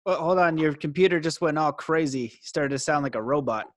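A man's voice: fairly high pitch, a little fast, a little hiss or hum. A man hosting a live-streamed interview, speaking in an easygoing, conversational way. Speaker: host. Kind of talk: casual live-stream chat.

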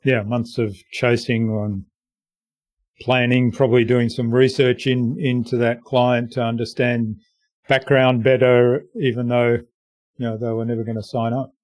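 A man's voice: mid-range voice, little pitch movement, a little slow, darkish tone, no echo. A man hosting a podcast interview, recorded close and dry with no room sound. He sums up points and asks short follow-up questions. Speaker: podcast host. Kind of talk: interview chat.

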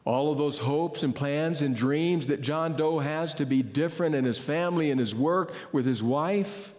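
Earnest preacher in a reverberant hall. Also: male voice, a little high, a little mellow. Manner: earnest, slows down to stress key words; explains word meanings in a teaching tone. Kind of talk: sermon. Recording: long reverb of a large hall.

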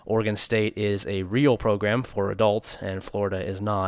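A man's voice: lowish voice, level tone, normal speed, no echo, clean studio sound. A man co-hosting a sports podcast, chatting casually and joking, with many restarts. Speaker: podcast co-host.

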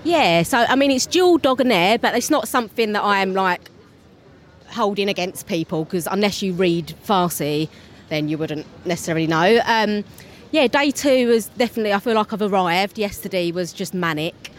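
Cockney woman, tired theatre performer, chatty and scattered, mid pitch. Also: normal speed, a little hiss or hum. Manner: chatty, scattered, laughs often. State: tired, fried after a show. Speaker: theatre performer and interview guest. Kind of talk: casual interview chat. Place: festival venue straight after a show.

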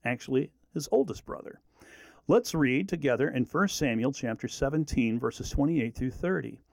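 A man's voice: mid-range voice, moderate pace, vocal fry, no room sound. A man teaching a Bible study lesson, telling the story with feeling and acting out the quoted lines. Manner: animated storyteller who acts out quoted lines.

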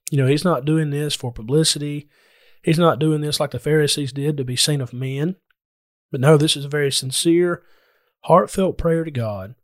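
A man's voice: mid-range voice, no echo, clean studio sound. A man preaching a sermon in an earnest, explanatory way, speaking directly to his listeners.

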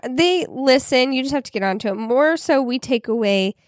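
A woman's voice: high voice, expressive, normal speed, no room sound, studio quality. Chatty woman podcast co-host. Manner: chatty, many fillers like "like". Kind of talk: casual chat.

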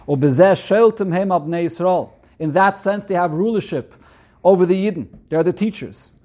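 A man's voice: high-pitched, normal speed, a little mellow. A man with a Yeshivish accent teaching a Torah text, reading the Hebrew and then explaining it line by line in English, repeating key points. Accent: Yeshivish English with Hebrew and Yiddish terms.

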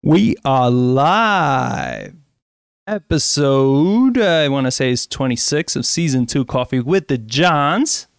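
A man co-hosting a casual talk show, chatting in a relaxed, rambling way with lots of fillers. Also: on the high side, a little slow, hardly any pauses, clear, resonant tone, dry recording, studio quality. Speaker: podcast co-host. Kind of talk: casual chat.

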